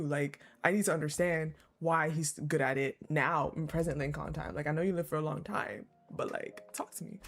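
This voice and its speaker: A woman streamer reading game dialogue aloud and reacting, animated and swearing freely as she rants to viewers. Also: deep voice, moderate pace, few pauses. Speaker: gaming streamer. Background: faint game music.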